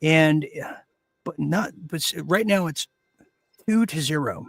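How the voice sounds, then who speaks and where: A man hosting a mock quiz show, joking in a hammy, deadpan way with lots of fillers and pauses. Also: a little high, creaky, no room sound. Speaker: game show host.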